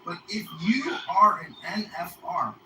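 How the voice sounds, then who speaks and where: A man's voice: high-pitched, animated, unhurried, reverberant, distant mic, background noise. A man in an online voice chat, rambling through profane opinions.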